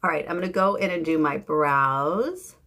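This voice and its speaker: A woman in her fifties from San Francisco, chatting casually during a makeup livestream and greeting viewers by name, with bursts of high excitement. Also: normal speed. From San Francisco, USA. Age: 50s. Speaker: beauty creator.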